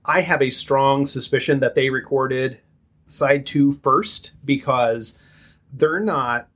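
Male co-host, mid-pitched, casual and sarcastic. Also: takes it slowly, a bit bright. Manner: jokey, sarcastic. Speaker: podcast co-host. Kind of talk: casual chat.

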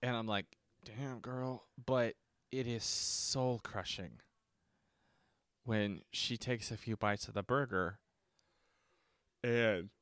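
A man's voice: lowish voice, takes it slowly, long pauses, a bit bright, clean tone, no echo, studio quality. A man hosting a casual solo movie-review podcast. He rambles, swears freely and often restarts his sentences. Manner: rambling and profane, with frequent restarts and fillers. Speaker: podcast host. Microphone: speaks from notes, seated at a desk mic.

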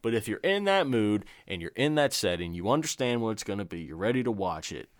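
A man's voice: on the low side, sing-song, fairly quick, dry recording. A man co-hosting a podcast in emphatic, profane casual chat, often checking in with "okay?". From United States. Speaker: podcast co-host.

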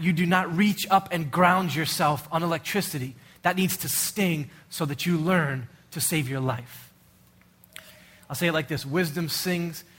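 A man's voice: fairly high pitch, fairly bright tone. A middle-aged male pastor preaching a sermon in an earnest, urgent way, full of rhetorical questions.

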